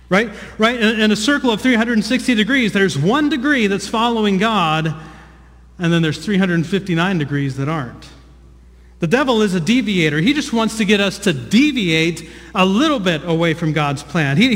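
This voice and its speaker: Guy preaching, kinda high voice, repeats himself a lot, asks the crowd questions, long echo like a big hall. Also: fairly bright tone. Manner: earnest teaching, frequent word repeats, asks the congregation questions. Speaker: pastor. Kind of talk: sermon. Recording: long reverb of a large hall.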